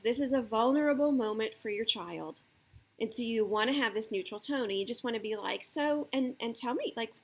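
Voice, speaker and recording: Talking casually to camera, a woman offers parenting tips in a slightly high, fairly bright voice. She often asks listeners "okay?" or "right?" and lifts her voice when playing the parent's lines.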